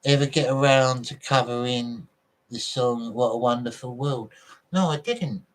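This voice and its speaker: Man, livestream host, blunt, sweary, ranting, mid-pitched voice, reads viewer messages. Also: a little slow, rough recording. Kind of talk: casual livestream chat reading viewer messages.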